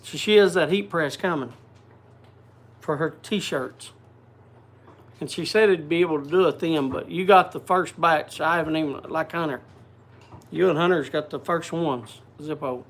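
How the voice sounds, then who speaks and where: Man, high-pitched, casual livestream host, chatty, greets viewers. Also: moderate pace, long pauses, fairly bright tone. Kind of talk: casual chat.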